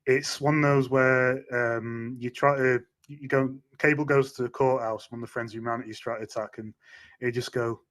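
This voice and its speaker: A man hosts a casual fan interview with an ordinary mid-range voice. He speaks eagerly but haltingly, stacking ums and restarts as he gathers his thoughts. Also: mid-range voice, fairly even intonation, fairly bright tone. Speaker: interview host.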